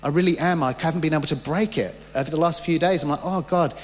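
A man's voice: a little high, fast talker. A man preaching a sermon, fervent and anecdotal, often restarting his sentences. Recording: long hall reverb.

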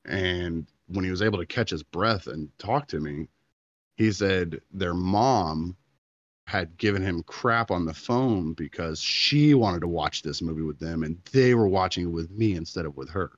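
A man with a very low, deep voice, telling a long story to his podcast co-host and acting out what each person said. The sound is dry and a little muffled. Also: measured pace, no echo. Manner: animated storyteller, acting out quotes. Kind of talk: casual chat.

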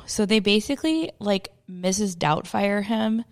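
A woman co-hosting a podcast in loose, chatty conversation. Her voice carries a gravelly, creaky edge. She laughs easily and swears freely as she talks. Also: medium pitch, a little slow. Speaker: podcast co-host. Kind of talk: casual chat recapping a movie.

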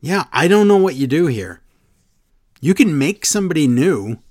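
A man's voice: fairly high pitch, normal speed, dry recording. Chatty man recapping in a dry room. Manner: animated storyteller, quotes people in funny voices. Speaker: podcast co-host recapping wrestling. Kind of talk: casual chat.

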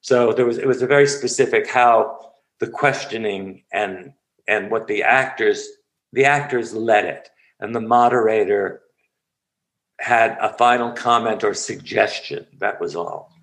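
A man who works as an actor and acting teacher, reminiscing in an interview as an animated storyteller with frequent restarts and asides. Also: on the low side, a little slow, vocal fry, low-quality recording.

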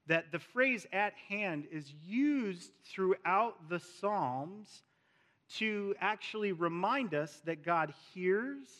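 A male pastor preaching a sermon in a church, slow and emphatic, repeating key words for weight. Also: high-pitched, sharp tone. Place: church sanctuary with a screen. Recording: long reverb of a large hall.

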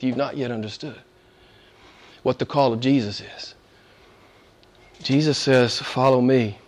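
A man preaching a sermon as pastor, swinging from loud declarations to hushed near-whispers and repeating phrases for emphasis. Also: medium pitch.

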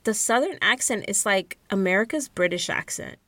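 A woman co-hosting a podcast, recapping a book in casual chat with sarcastic, animated asides. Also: mid-range voice, normal speed, dry recording. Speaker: podcast co-host.

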